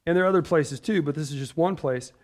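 Emphatic preacher with a higher voice. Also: male voice, fast. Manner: rhetorical questions, emphatic and repetitive. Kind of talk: sermon with scripture reading.

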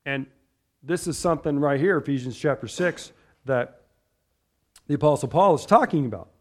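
A man's voice: on the high side, moderate pace, darkish tone. A man preaching a sermon, reading scripture aloud and stressing points with repeated rhetorical questions. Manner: rhetorical questions, emphatic and repetitive.

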